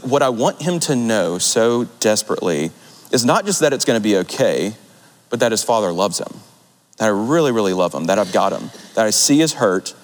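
A young man preaches in an earnest, chatty way, his voice a little low and ringing with long reverb through a large hall. He talks loosely and warmly, like he is talking with friends. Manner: earnest, conversational, warm storytelling. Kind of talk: sermon.

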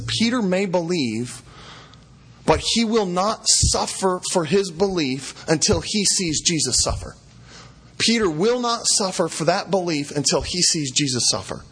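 A man's voice: a little high, a bit bright, slightly rough. A man preaching a sermon, retelling scripture in casual, conversational words and repeating lines for emphasis. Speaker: pastor.

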